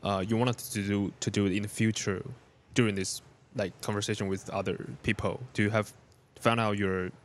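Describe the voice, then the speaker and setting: A man hosts a casual podcast interview in a fairly low voice. He pieces his questions together haltingly and answers his guest mostly with short replies. A faint background hiss sits under the recording. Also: flat delivery. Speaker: podcast host.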